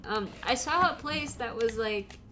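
Giggly woman with a bright voice. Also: a little high, expressive, unhurried, soft background music. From United States. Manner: giggly, laughs often, rambling. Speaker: streamer. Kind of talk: casual chat while playing a game.

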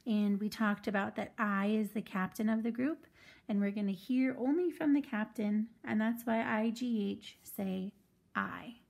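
A woman's voice: medium pitch, steady tone, moderate pace, vocal fry, darkish tone. A woman teaching a phonics lesson to children, patiently sounding out words syllable by syllable.

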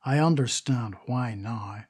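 A man reading the part of a vain, indignant stage actress in an audiobook, telling her tale in a gossipy, confiding way with a husky voice. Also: mid-range voice, takes it slowly, a little mellow. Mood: indignant gossip. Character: vain grand stage actress, middle-aged woman.

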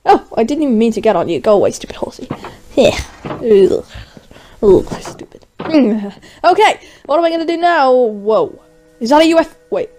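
An excitable woman narrating her own Minecraft role-play, her high voice swinging up and down as she squeals and gasps. She talks herself through every move. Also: normal speed. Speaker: gaming YouTuber.

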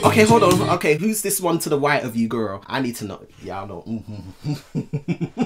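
A man's voice: a little high, very animated, takes it slowly. A man in his twenties hosting a reaction video, flamboyant and sassy, exclaiming and talking straight to his viewers. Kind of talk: excited reaction commentary. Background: music video playing.

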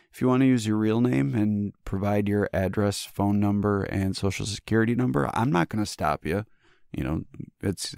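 Male podcast co-host, deep and dry-sounding, loose profane banter full of false starts. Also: gravelly, a little mellow, no room sound. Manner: joking, profane, halting restarts. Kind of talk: casual chat.

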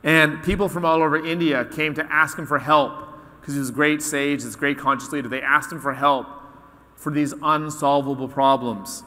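A man giving a keynote talk to an audience, telling a story in an animated way and acting out the voices of its characters. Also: fairly high pitch, moderate pace. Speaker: conference speaker. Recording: long hall reverb.

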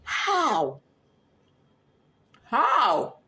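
A grief-stricken middle-aged woman with a Nigerian accent tells her story in an echoey room. Her voice is high and swings widely in pitch, lurching from raw shouting to hushed, tearful speech. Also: huge pitch swings, very slow. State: grief-stricken, often crying. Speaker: bereaved mother. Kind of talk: emotional spoken testimony.

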